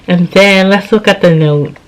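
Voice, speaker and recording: This woman in her thirties has a mid-range voice and talks a little slowly, with slight background noise on poor audio. In a casual storytime vlog she's chatty but tired and yawning, reenacting earlier exchanges through quoted dialogue from both sides.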